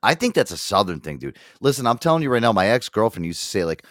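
Podcast co-host, male, rambling and profane, animated delivery, dry mic. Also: lowish voice, quick pace, dry recording. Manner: profane, rambling, laughs a lot, animated quoting voices. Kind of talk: casual chat.

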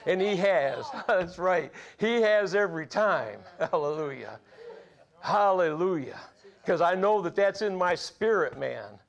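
A man's voice: high voice, animated, a little slow, creaky, dull audio. A man over forty preaching a sermon, telling folksy personal stories and laughing at his own tales. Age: 40s or older.

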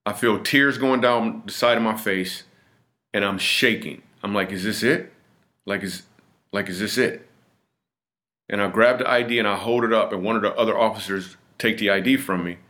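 A man's voice: lowish voice, a little fast, bright, forceful tone. A middle-aged man, a comedian guest on a podcast, telling a personal story in an earnest, vivid way, often restarting and repeating himself.

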